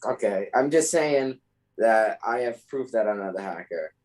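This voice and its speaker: A man's voice: fairly low pitch, lively intonation, normal speed, a little mellow, low-quality recording. Defensive man on a podcast. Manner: defensive, rambling explanations. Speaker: podcast co-host. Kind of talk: casual podcast chat.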